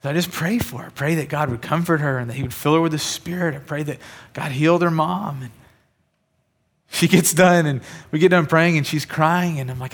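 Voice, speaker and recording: A man's voice: on the high side, fairly quick. A man preaching a sermon, telling personal stories in a conversational way and building to emphatic points. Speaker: pastor.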